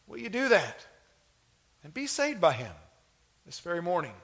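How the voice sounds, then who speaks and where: A man's voice: high voice, huge pitch swings, normal speed, fairly bright tone. A man preaching a sermon to a congregation, with emphatic delivery that swells and drops. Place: church.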